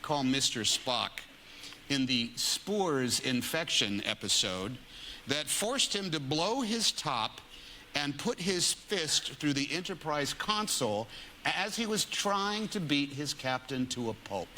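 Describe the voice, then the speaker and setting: A man reading out quiz questions in an animated, playful way. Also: on the high side, slow pace, slight background noise. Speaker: quizmaster.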